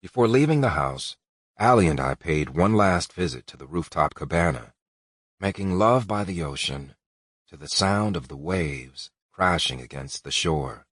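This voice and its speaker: A man narrating a romance audiobook in the first person, calm and measured. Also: low voice, dry recording, studio quality.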